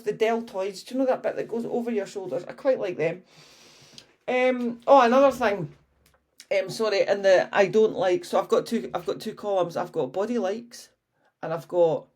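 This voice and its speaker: A woman's voice: on the high side, darkish tone. A woman in her early fifties, a fitness coach chatting frankly and casually on her own podcast, swearing freely. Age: 50s. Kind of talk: casual solo podcast chat.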